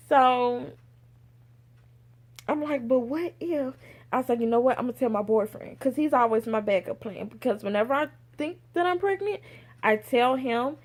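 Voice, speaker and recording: A young woman, telling a personal story to camera in a lively, casual way and acting out the people she quotes. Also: moderate pace. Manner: animated, acts out quoted people with big pitch jumps. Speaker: vlogger.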